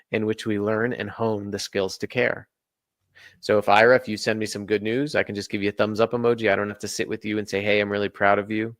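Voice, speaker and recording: A man's voice: on the low side, a bit bright, no room sound, studio quality. A man being interviewed on a podcast, explaining his points earnestly and laying them out in order. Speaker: guest.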